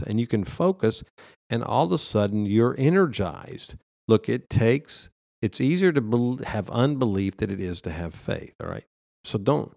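A man's voice: fairly low pitch, gravelly, darkish tone, no echo, clean studio sound. A man preaching a sermon in a conversational way, often laughing and restarting his sentences. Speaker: pastor.

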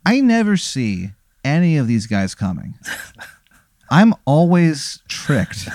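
Man, mid pitch, sheepish improv partner, dry close mic. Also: darkish tone, no room sound. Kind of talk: improvised comedy banter.

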